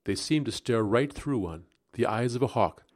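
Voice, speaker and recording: A man narrating a gothic story aloud in the first person, expressive and rising into agitation at tense moments. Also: mid-range voice, normal speed. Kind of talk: dramatic audiobook narration.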